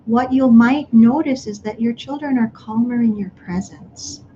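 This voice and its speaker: A woman speaking to parents in a live online workshop, gently guiding them through breathing exercises. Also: fairly high pitch, unhurried, dull audio, a little hiss or hum.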